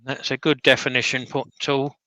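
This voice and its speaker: A man's voice: medium pitch, little pitch movement, moderate pace, pushed and bright, rough recording. A man demonstrating woodturning on a livestream, chatting casually with dry, practical jokes.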